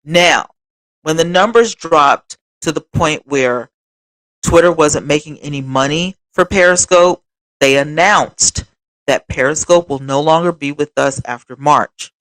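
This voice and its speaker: This livestream host has a deep, slightly bright voice and a measured pace, with no echo. She chats expressively, going through viewers' comments and talking straight to them.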